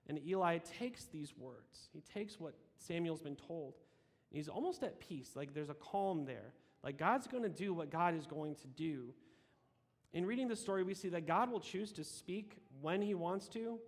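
Man preaching in a reverberant hall. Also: a little high. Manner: conversational, with frequent restarts and asides. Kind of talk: sermon with scripture reading.

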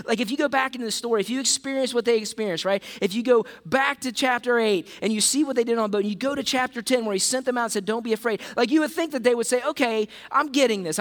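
A middle-aged male pastor preaching a sermon, animated, acting out the disciples and Jesus in quick voices. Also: very high-pitched.

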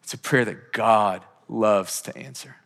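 A man's voice: on the low side, a little slow, gravelly, a bit bright. A man in his thirties preaching a sermon as pastor, emphatic and full of rhetorical questions. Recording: long hall reverb.

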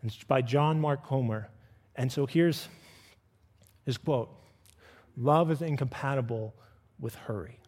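Animated male preacher in a reverberant hall. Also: a little slow, long pauses. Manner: animated, acts out quoted voices with pitch swings. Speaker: pastor. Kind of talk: sermon. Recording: long reverb of a church hall.

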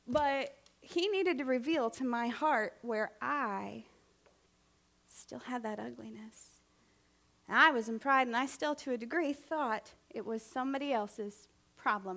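A woman preaching a sermon in a conversational, animated way, often asking the congregation questions. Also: high-pitched.

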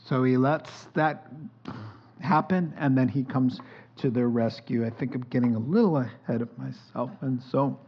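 A man preaching a sermon in a conversational, animated way, with playful asides to his listeners, on a dull lo-fi recording. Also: mid-range voice, normal speed, husky. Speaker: pastor.

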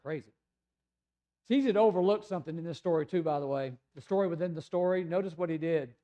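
Warm-voiced Southern preacher man. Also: a little high, fast, muffled recording. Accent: Southern American. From Tennessee, USA. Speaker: pastor. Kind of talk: sermon.

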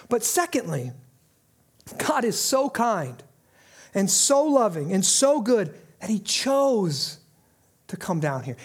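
A man preaching with a strikingly high voice. He moves between fervent, raised appeals and hushed, earnest passages. He delivers a sermon as a pastor. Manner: impassioned preaching with sudden drops to quiet intensity.

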